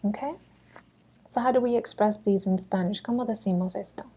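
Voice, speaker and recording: Woman teacher going over spanish grammar, warm mellow voice, patient, fixes her own slips. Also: medium pitch, a little fast. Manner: explains patiently in English, models Spanish phrases with clear intonation; self-correcting, conversational. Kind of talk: recorded lesson lecture.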